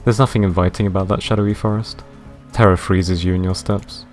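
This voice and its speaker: A man streaming a game live, reading its narration in a deadpan way and chatting with viewers. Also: sits low, fairly quick, faint music behind.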